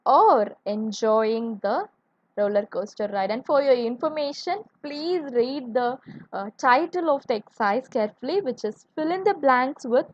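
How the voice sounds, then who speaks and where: A woman's voice: high-pitched, lively intonation, measured pace, no echo, dull audio. A woman teaching an online English grammar lesson, spelling words out letter by letter and asking viewers to answer.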